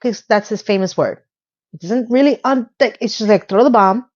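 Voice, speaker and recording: A woman's voice: mid-range voice, normal speed. Chatty woman recapping, lo-fi sound. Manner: chatty and animated, retelling scenes with quoted lines. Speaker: recap vlogger. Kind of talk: casual episode recap.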